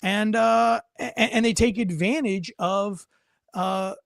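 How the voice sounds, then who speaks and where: A man with a high voice talks through a heated podcast rant. He pushes each point hard and often restarts and repeats his phrases. The sound is close and dry. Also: fairly even intonation, slow, creaky, fairly bright tone, dry recording. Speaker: podcast host. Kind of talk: heated commentary.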